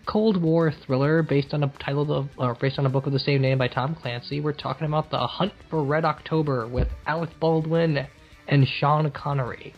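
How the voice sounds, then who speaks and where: Husky-voiced jokey podcast man. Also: on the high side, fairly even intonation, normal speed. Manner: jokey, self-mocking, laughs often. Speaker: podcast co-host. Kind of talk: casual chat. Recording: dull lo-fi recording with faint music.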